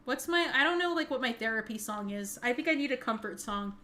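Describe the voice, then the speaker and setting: A woman live streamer chatting casually, singing along to songs and breaking into loud excited outbursts. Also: on the high side, brisk, a little hiss or hum. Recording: loud music over the voice. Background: loud pop music playing.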